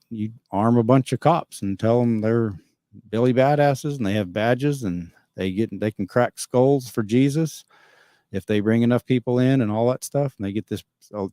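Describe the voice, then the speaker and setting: A man's voice: medium pitch, warm tone, no room sound, studio quality. A man hosting a casual livestream, reading viewer comments and giving rambling, opinionated answers with frequent chuckles. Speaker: livestream host reading chat.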